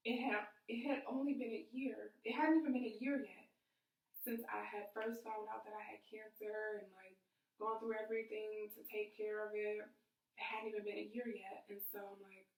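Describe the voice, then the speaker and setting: A woman's voice: medium pitch, flat delivery, normal speed, heavy reverb, recorded from a distance, rough recording. A woman in her late twenties telling a personal story on her vlog, candid and emotional, with many fillers. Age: 20s. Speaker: YouTube vlogger.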